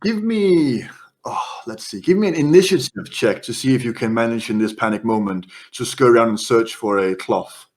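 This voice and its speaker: A man running a horror tabletop game as game master, narrating scenes in quick descriptive bursts. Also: medium pitch, expressive, darkish tone.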